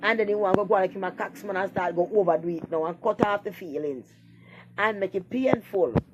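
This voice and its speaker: A woman's voice: medium pitch, a little fast, noisy background. A woman talking bluntly in a rambling, profane casual monologue.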